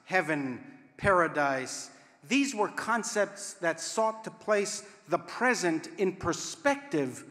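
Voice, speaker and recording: Slow, reflective rabbi in an echoey hall. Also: male voice, a little high, fairly bright tone. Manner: measured, deliberate, with long pauses between phrases. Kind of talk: reflective sermon. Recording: echoey room with long reverb.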